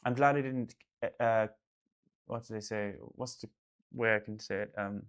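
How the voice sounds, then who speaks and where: A man's voice: fairly low pitch, flat delivery, moderate pace. A man in casual one-on-one talk, earnest and reassuring, rambling with fillers and restarts and repeating himself for emphasis. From Ireland. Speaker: artist and host.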